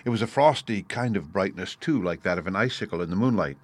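A man giving a measured storybook narration. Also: low-pitched, animated, dry recording. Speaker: reader.

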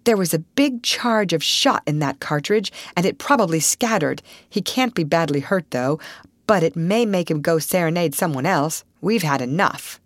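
A woman voicing a confident young man who speaks in a lower, reassuring voice in a storybook reading. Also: expressive, normal speed, no room sound. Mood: steady. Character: confident, steady young man, camera operator.

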